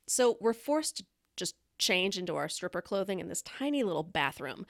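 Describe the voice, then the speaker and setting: A woman hosting a live stream, chatting casually and telling candid stories. Her voice has a gravelly, fry-laden texture at a middling pitch. She is blunt and laughs often, and the sound is dry and close. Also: very animated, normal speed, no room sound. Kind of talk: casual storytelling chat.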